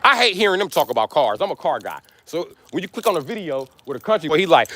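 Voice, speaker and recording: A man's voice: a little high, big pitch swings, quick pace, few pauses, sharp tone, no echo. A man in his forties from the United States, ranting on a livestream, blunt and cursing nonstop. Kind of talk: profane rant to a live stream.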